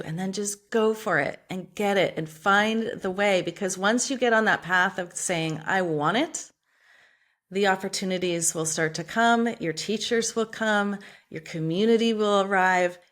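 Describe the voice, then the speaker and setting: A woman's voice: mid-range voice, a bit bright. A woman author speaking as a podcast guest in a passionate, emphatic, motivational way, casually swearing. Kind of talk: motivational interview talk.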